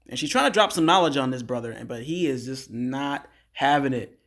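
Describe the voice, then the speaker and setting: A man's voice: medium pitch, expressive, a little fast, hardly any pauses, fairly bright tone. A man casually recapping a reality show episode, chatting straight to his viewers. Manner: chatty, conversational, addresses viewers as guys.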